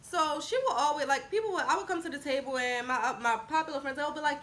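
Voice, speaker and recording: A woman in her twenties telling a casual storytime vlog, chatty and animated, acting out what people said. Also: sits high, quick pace, few pauses. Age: 20s. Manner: chatty, animated retelling with acted-out quotes. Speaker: vlogger.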